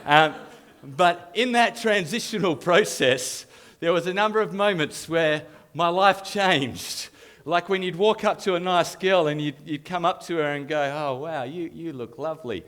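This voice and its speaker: An Australian man giving a humorous live youth talk, telling self-mocking stories in an animated way and chuckling often. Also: sits high, unhurried. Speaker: youth leader. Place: live youth event on stage.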